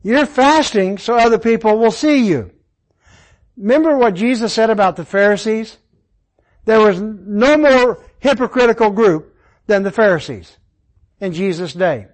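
A man with a fairly high voice leads an informal Bible class. He talks in a relaxed, conversational way and walks through the verses one at a time. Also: measured pace, poor audio. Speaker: Bible study teacher.

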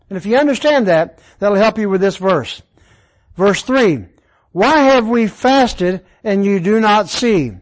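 A man's voice: high voice, rough recording. A man teaching an informal Bible study class, explaining the verses one by one in a conversational way.

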